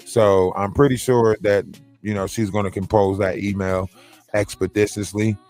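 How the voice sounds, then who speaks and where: A man's voice: fairly low pitch, flat delivery, moderate pace, a little mellow, soft background music. A man hosting a livestream, talking casually and mockingly in slangy gossip commentary. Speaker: livestream host.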